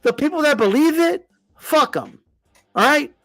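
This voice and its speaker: A man's voice: extremely high pitch, animated, a little slow, sharp tone, no echo. A man hosting a boxing channel, ranting to the camera with heavy swearing and lots of repetition. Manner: profane, heated, repeats himself.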